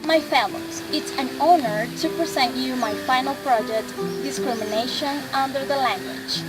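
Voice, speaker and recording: A woman's voice: high-pitched, moderate pace, poor audio. A university student woman earnestly presenting her class project in a formal tone. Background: loud guitar music.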